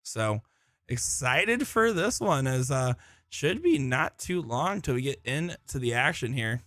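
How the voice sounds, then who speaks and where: A man's voice: mid-range voice, very animated, measured pace, pushed and bright, no echo, studio quality. Chatty man commentating live darts. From Florida. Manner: chatty, joking, self-deprecating. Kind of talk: live solo sports commentary and chat. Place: busy tournament room, indoors.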